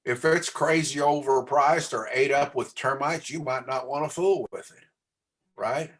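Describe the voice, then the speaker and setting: A man's voice: medium pitch, a little slow, a bit bright. A man teaching a real estate class, coaching in a plain way and often asking the class questions. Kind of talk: training class talk.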